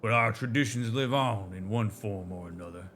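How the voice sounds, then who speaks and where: A man's voice: fairly low pitch, moderate pace, noisy background, close to an everyday voice. A man voicing a dignified male creature elder with a put-on Southern drawl, speaking in grand, solemn tones. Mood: wistful.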